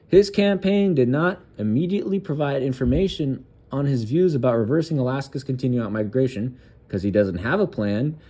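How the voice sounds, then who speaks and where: A man hosting a political commentary channel, reading a news article aloud and breaking off for crude, sarcastic asides, with halting restarts. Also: mid-range voice, dark tone.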